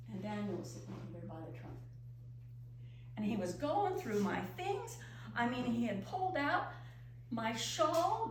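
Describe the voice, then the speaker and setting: A middle-aged woman telling a story in first person as a pioneer woman, expressive and emotive. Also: fairly high pitch. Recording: echoey room from far off with faint hum.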